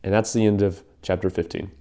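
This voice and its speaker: A man's voice: sits low, flat delivery, a little fast, mellow. A young man casually retelling a Bible story in a rambling, slangy way, with lots of fillers.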